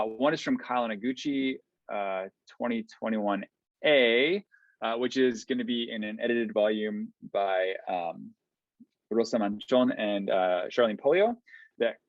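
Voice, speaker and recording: A man giving an online academic lecture in a relaxed, explanatory way, with frequent ums and okays. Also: medium pitch, no room sound. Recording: dull, slightly lo-fi online lecture audio.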